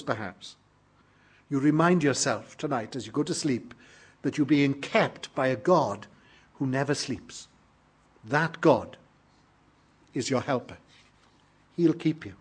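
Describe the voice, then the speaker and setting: A man's voice: fairly high pitch, breathy edge. A British man preaching a sermon, reading scripture and explaining it in an earnest, emphatic way. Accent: British English. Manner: earnest, emphatic preaching with sudden loud peaks.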